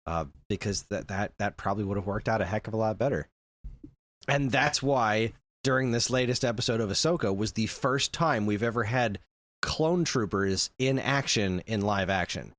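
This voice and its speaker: A man's voice: lowish voice, moderate pace, dry recording. A man co-hosting a casual podcast chat, ranting animatedly about films. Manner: animated ranting, acts out quotes. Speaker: podcast co-host.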